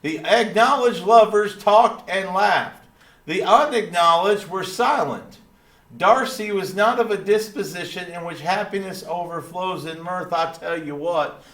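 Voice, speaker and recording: A male teacher reading a lesson aloud while voicing a folksy, proud small-town dad with a slow drawl and pet phrases. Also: fairly high pitch, fairly bright tone. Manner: slow Texan drawl, repeating catchphrases. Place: classroom. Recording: roomy echo.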